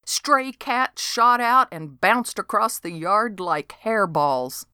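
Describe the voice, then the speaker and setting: A woman's voice: medium pitch, lively intonation, slow pace, sharp tone, smooth, no echo. A woman narrating a storybook in a dry, wry delivery.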